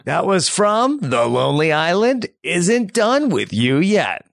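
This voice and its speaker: A man co-hosting a podcast, introducing segments in a deadpan way and setting up jokes with a straight face. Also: sits high, takes it slowly, vocal fry, no echo. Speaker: podcast co-host.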